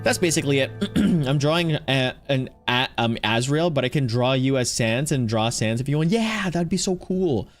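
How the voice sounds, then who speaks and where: Chatty man streaming a game, lively voice. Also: mid-range voice, moderate pace, faint music behind. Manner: chatty, rambling, greets chatters by name. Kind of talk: casual chat while playing.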